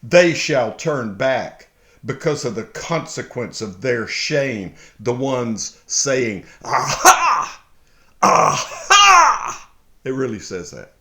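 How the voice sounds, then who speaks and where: A man slowly reading and explaining a Bible psalm, halting often, then bursting into excited shouts. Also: mid-range voice. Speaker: Bible teacher. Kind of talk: casual verse-by-verse Bible reading and commentary. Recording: echoey room.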